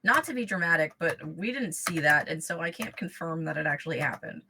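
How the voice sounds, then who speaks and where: Woman, tabletop player, argumentative, bright lively voice, lower pitch. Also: slight background noise. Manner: argumentative, quick to laugh. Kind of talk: casual tabletop game chat.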